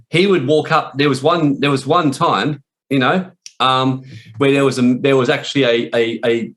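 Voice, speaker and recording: A man's voice: medium pitch, fairly bright tone. A man teaching on spiritual warfare in a blunt, profane, rambling way, full of restarts. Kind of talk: informal preaching talk.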